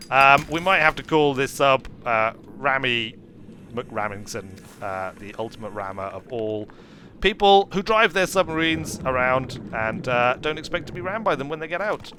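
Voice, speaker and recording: A man's voice: mid-range voice, animated, moderate pace, bright, forceful tone, slight background noise. A man streaming a video game, giving playful, whimsical commentary and chatting to the creatures he meets. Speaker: gaming streamer. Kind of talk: playful let's play commentary. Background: faint game music.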